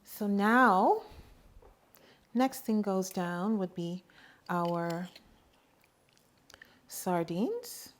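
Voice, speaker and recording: Casting note: middle-aged woman, slow easygoing delivery, mid-pitched, chatty home cook walking through a kitchen demo. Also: a little hiss or hum. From Bahamas. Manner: relaxed, chatty, homey asides. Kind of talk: cooking demonstration.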